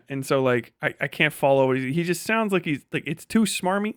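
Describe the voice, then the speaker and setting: A man's voice: a little high, lively intonation, moderate pace, fairly bright tone, smooth, no echo, studio quality. A man from Wisconsin, ranting bluntly and swearing as a live streamer. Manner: blunt, sweary, laughs mid-sentence. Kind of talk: casual profane rant reacting to a video.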